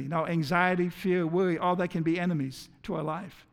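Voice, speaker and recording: Preaching to his church at a normal speed, a pastor speaks in a notably high, creaky voice with fairly even intonation and few pauses. Earnest throughout, he often trips on words and says them again before moving forward, every line trailed by long hall reverb.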